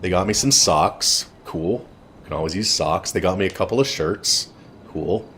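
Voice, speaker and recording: A man's voice: sits low, normal speed, a bit bright. A man telling a rambling personal story in a blunt, casual way with frequent swearing, while streaming a game. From Canada.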